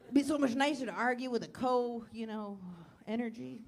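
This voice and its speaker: A woman comedian on a club stage, doing crowd work and a stand-up set in a neurotic, self-deprecating way, breaking into loud mock panic. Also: fairly high pitch, a little fast, vocal fry. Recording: live club recording with audience noise.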